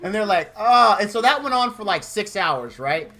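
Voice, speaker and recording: A man's voice: high-pitched, very animated, normal speed, sharp tone. A man streaming a comedic rant, exasperated and mocking, who acts out made-up quotes in goofy voices.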